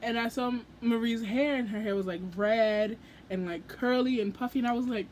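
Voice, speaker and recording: A young adult woman telling a story in a casual book vlog, gushing and excitable, acting out her own reactions as she goes. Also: on the high side, moderate pace, a little hiss or hum. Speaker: book vlogger.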